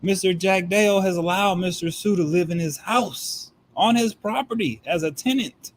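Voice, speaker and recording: A man's voice: sits high, moderate pace, slight background noise. A man talking as a guest commentator in heated political commentary, emphatic and firing off rhetorical questions.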